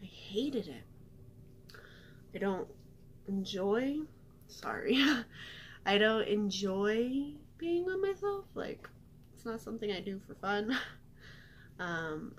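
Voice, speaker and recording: A woman's voice: mid-range voice, expressive, slow pace, pauses often, slight background noise. A young woman vlogger telling a personal story in casual chat, chatty and self-deprecating with lots of fillers.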